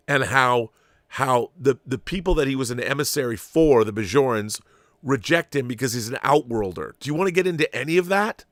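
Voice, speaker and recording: A man's voice: mid-range voice, fairly bright tone, dry recording, clean studio sound. A man hosting his own channel, ranting in an exasperated, sarcastic and profane monologue. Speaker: channel host. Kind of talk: opinion commentary monologue.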